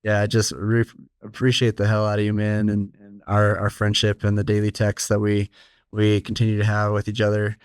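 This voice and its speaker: A man's voice: on the low side, completely flat delivery, a little fast, smooth, dry recording, studio quality. A man hosting a casual interview, speaking plainly and earnestly to other men. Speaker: host of a men's health clinic show.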